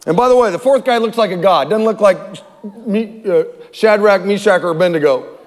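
A man preaching a sermon as pastor, telling stories with lively, repetitive phrasing, recorded in a reverberant church hall. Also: high-pitched, brisk. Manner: animated storytelling with repeated phrases.

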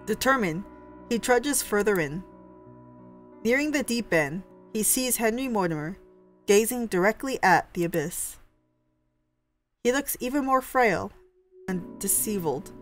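A woman narrating a story game aloud, reading dramatically and breaking in with reactive asides. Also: mid-range voice.

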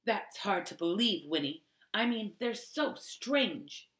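A woman's voice: medium pitch, lively intonation, slow pace, a bit bright, echoey room. A woman voicing a prim, somewhat haughty young girl in a storybook reading.

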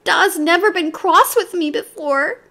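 A woman voicing a clumsy little female baby gorilla in a storybook reading, high and eager. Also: expressive, a little slow. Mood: tearful.

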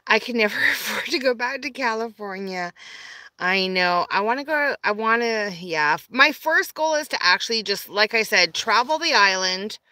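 Bright-voiced woman live streaming. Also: medium pitch, no room sound. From Canada. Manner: chatty, greets viewers and answers chat comments. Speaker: vlogger. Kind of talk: live stream chat with viewers. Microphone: phone.

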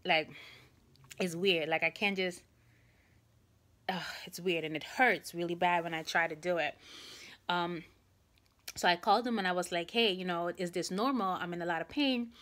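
A woman's voice: fairly low pitch, normal speed, fairly bright tone. A young woman vlogging to camera, telling a rambling story and speaking with a sore jaw that makes talking hard. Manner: chatty, rambling, addresses viewers as guys. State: sore jaw, trouble opening mouth.

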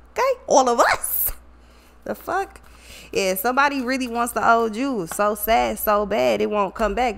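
A woman giving a casual tarot reading to her viewers, blunt and profane, often laughing and trailing off into asides. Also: medium pitch. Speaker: tarot reader.

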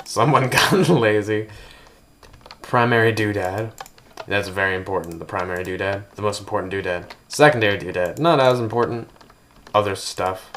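Low-voiced man giving a goofy game tour. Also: brisk, fairly bright tone, a little hiss or hum. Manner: rambling, joking, goofy asides. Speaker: gameplay video host. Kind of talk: casual game build tour commentary.

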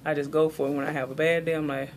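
A woman's voice: sits low, flat delivery, rapid-fire, a little hiss or hum. A young woman from the American South, chatting casually in a haul vlog, rambling and filling her talk with "like". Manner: rambling, chatty, many "like" fillers. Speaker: vlogger.

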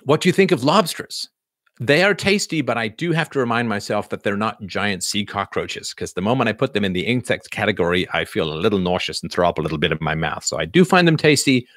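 A man's voice: lowish voice, big pitch swings, quick pace, few pauses, a bit bright, no echo, studio quality. A middle-aged man hosting a live chat, rambling through viewer questions with lots of fillers and restarts. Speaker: livestream host answering viewers.

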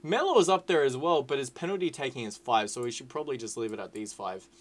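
A young man giving casual, excitable, sweary commentary over a football management game. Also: medium pitch, quick pace. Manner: excitable, sweary, shouts at the screen. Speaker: gaming YouTuber.

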